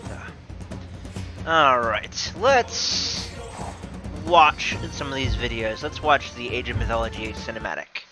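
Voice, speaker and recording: A man chatting casually on a gaming live stream, excitable and prone to loud exclamations. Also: mid-range voice, slow pace, music in the background.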